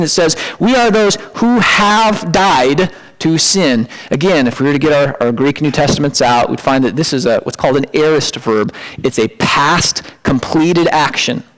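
A man preaching in a relaxed, conversational way, his voice pitched a little high. He ranges widely in tone and leaps up sharply for emphatic asides. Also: low-quality recording. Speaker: pastor. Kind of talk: sermon.

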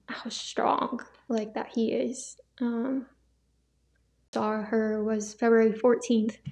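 A young woman hosting a podcast, sharing a personal faith testimony in a soft, halting, emotional way with many pauses. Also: fairly high pitch, gravelly. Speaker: podcast host. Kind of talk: personal testimony, casual talk.

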